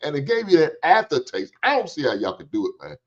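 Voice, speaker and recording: A man's voice: fairly high pitch, wildly swooping pitch, fast. A middle-aged man, hosting a livestream in casual, joking storytelling chat and swearing freely. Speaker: livestream host. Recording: dull lo-fi stream audio.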